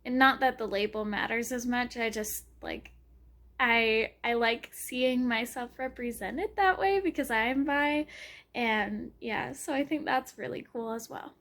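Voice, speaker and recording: Bright high-voiced excitable woman. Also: measured pace. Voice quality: gushing, excitable, squeals and laughs often. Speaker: book vlogger. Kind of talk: casual reading vlog reactions.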